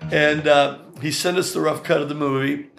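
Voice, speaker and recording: An older man from the Chicago area, a songwriter and guitarist, telling stories in an interview in a chatty, animated way with many asides. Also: fairly high pitch, normal speed, gravelly. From Chicago area, USA. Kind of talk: storytelling interview.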